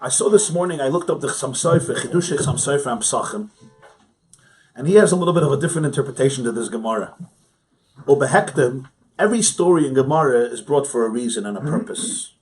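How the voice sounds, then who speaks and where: Male rabbi, mid pitch, teaching a class in a study hall; conversational, poses rhetorical questions, laughs lightly. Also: expressive, fast talker. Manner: conversational, asks rhetorical questions, chuckles often. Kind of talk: informal study-hall lecture.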